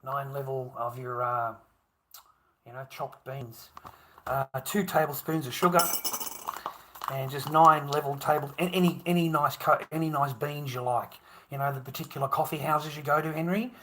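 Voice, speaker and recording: A man's voice: a little high, steady tone, moderate pace, a bit bright, slight background noise. An Australian man hosting a livestream, rambling and chatting to viewers, swearing freely, laughing often and calling everyone mate. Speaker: livestream host. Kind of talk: rambling live-stream chat.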